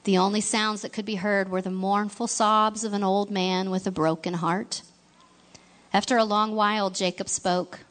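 A woman narrating a storybook in a gentle, expressive reading voice, now and then asking the listener questions. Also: medium pitch, moderate pace.

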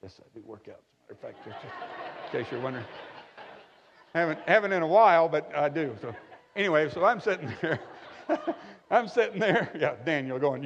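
A man's voice: medium pitch, expressive, fairly quick, fairly bright tone. A middle-aged man preaching a conversational sermon with folksy jokes, often checking in with his listeners by asking "right?". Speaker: pastor. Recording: echoey hall, slightly dull sound.

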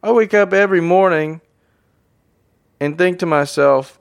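A motivational podcast host speaks energetically to his listeners, calling them "guys" and repeating phrases for emphasis. His high-pitched, gravelly voice is smooth, with a measured pace and long pauses.

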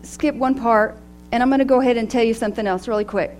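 A middle-aged woman speaking to a women's gathering in a personal, animated way, laughing often as she talks. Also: fairly high pitch, quick pace, soft background music. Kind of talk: devotional talk to women.

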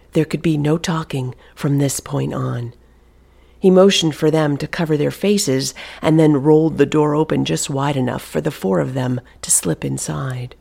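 Gravelly husky storyteller reading a dark audiobook, drops to a whisper a lot. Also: medium pitch. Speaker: narrator. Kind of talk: audiobook narration.

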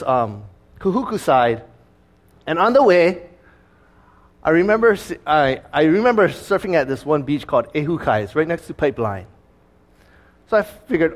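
A man preaching as a pastor, telling a personal story in a conversational, lively way. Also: fairly high pitch. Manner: conversational storytelling, with fillers and restarts; lively, acting out his own past words.

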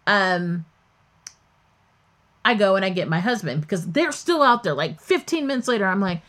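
A woman's voice: mid-range voice, expressive, normal speed, fairly bright tone. A woman hosting a podcast, telling a story in a candid, chatty way that often wanders off topic. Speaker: podcast host. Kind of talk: casual storytelling.

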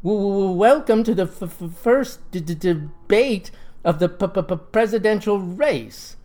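A man's voice: sits high, sing-song, normal speed, darkish tone. Man doing an earnest, stuttering small-town moderator. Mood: nervous. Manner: heavy stutter, later formal and wordy.

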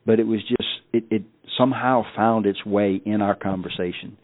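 A man's voice: fairly low pitch, fairly even intonation, moderate pace, dry recording. A man guest on a podcast telling a personal story in a folksy way, often repeating and restarting his words. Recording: dry, phone-like tinny sound.

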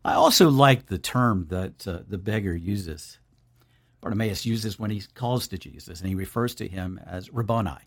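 A man's voice: on the low side, moderate pace. A man hosting a devotional podcast, talking earnestly and conversationally straight to the listener. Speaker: podcast host.

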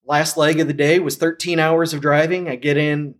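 A man from St. Louis telling his story as a podcast guest, animated and acting out the lines of people he quotes. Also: fairly high pitch, moderate pace. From St. Louis, USA. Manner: animated, acts out quoted dialogue. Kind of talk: casual storytelling.

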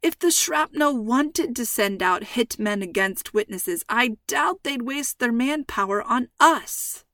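An easygoing middle-aged father soothes and teases in a steady, good-humored voice. A woman reads his part in a storybook. The sound is dry and close. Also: on the high side, slow, few pauses, no echo, voice pushed up, heavily acted. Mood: reassuring. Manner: reassuring, playful. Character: calm joking father, middle-aged man.

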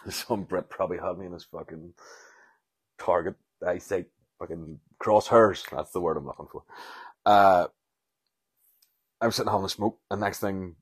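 A man's voice: sits low, moderate pace, pauses often, husky, dry recording. A Northern Irish man around forty, hosting a podcast alone and rambling through stories, swearing and laughing often. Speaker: podcast host. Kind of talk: casual solo podcast rambling.

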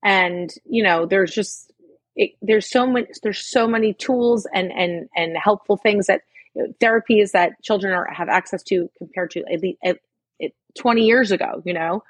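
A woman's voice: mid-range voice, normal speed, slightly rough, dry recording. A woman co-hosting a podcast in casual chat, talking frankly with plenty of fillers and swearing. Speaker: podcast co-host.

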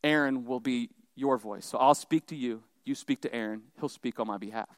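A man voicing God as a calm, commanding male deity who speaks low and hushed to his prophet. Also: normal speed, no room sound, lightly acted. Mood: solemn, commanding.

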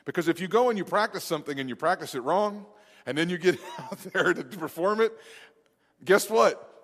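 A male pastor delivers a sermon in an easygoing, conversational way, circling back and restarting his phrases as he goes. His voice sits a little high for a man. It rings out with the long reverb of a church hall. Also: expressive, normal speed, fairly bright tone. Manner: conversational, rambling with frequent restarts.

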